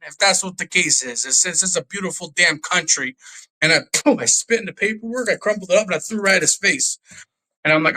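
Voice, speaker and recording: A young man from Albania telling his life story as a guest in a casual interview, animated and swearing, acting out the people he quotes. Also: high-pitched, quick pace, low-quality recording.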